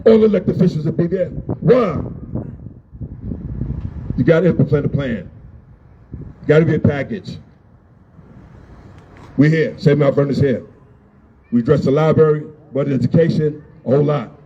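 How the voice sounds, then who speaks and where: At an outdoor street rally, a man with a fairly high voice delivers an emotional, blunt speech, repeating his points and yelling. He talks at a moderate pace with frequent pauses. The recording is dull and lo-fi with faint background noise.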